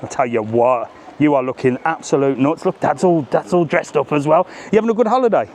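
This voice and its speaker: A man's voice: on the high side, fairly quick, darkish tone, slight background noise. A man hosting a live walking vlog outdoors on a seaside promenade, joking and bantering cheekily with passers-by. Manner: cheeky, jokey, banters with strangers. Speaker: travel vlogger host.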